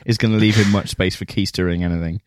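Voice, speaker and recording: A man's voice: low voice, steady tone, fast talker, no room sound, studio quality. A man co-hosting a casual film podcast, teasing his partner with laughs and sweary reactions. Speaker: podcast co-host. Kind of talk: casual film review chat.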